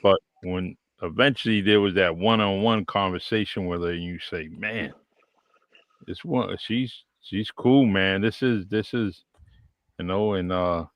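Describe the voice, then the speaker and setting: A man reminiscing in casual podcast chat, speaking haltingly with many pauses. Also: low-pitched, no room sound.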